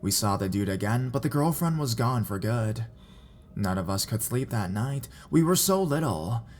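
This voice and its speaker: A man reading reader-submitted scary stories aloud in a measured, even narration. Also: mid-range voice, a little hiss or hum. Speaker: horror story narrator.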